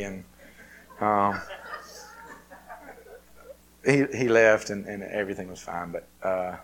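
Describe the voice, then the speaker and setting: Chatty preacher. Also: male voice, on the low side, fairly even intonation, slow pace, pauses often, fairly bright tone. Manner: conversational, self-deprecating, chatty with the congregation. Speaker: pastor. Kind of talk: sermon with a personal story.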